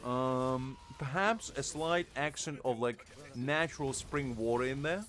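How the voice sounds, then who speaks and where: A man's voice: mid-range voice, a little slow, fairly bright tone. A man streaming a video game, bantering in a playful, mock-exasperated way. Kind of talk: casual live-stream banter.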